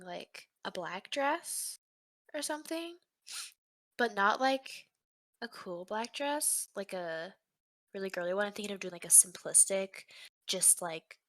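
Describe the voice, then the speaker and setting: A young woman co-hosting a casual podcast, bubbly and teasing, quick to exclaim. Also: mid-range voice, bright, forceful tone. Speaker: podcast co-host. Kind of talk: casual chat.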